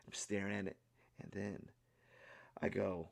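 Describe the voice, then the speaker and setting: A young adult man telling a casual vlog story, animated and rambling, with many restarts and fillers. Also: sits low, unhurried, creaky. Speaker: art channel vlogger.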